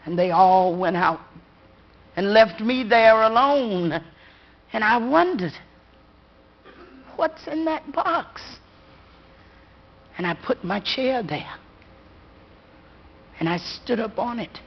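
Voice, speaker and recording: A woman storyteller telling a ghost story to a live audience in a slow, dramatic rhythm with long pauses. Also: medium pitch, animated. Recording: dull lo-fi live recording.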